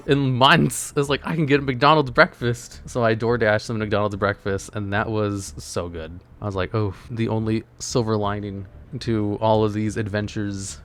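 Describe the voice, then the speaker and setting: A man's voice: medium pitch, a bit bright. A young adult man streamer telling a rambling, exasperated story in casual chat, full of fillers.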